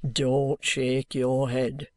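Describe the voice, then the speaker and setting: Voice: medium pitch, completely flat delivery, very slow, no room sound, pitched below the performer's own voice. A reader voicing a jovial, coaxing detective. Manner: coaxing, bantering encouragement. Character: shrewd, jovial middle-aged male detective. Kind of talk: audiobook character reading.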